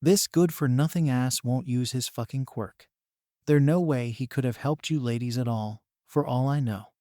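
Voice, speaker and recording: A man's voice: mid-range voice, normal speed, warm tone, dry recording, close to an everyday voice. A man voicing a vain, bullying middle-aged mother who sneers and swears, read in a dry, close sound. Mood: sneering.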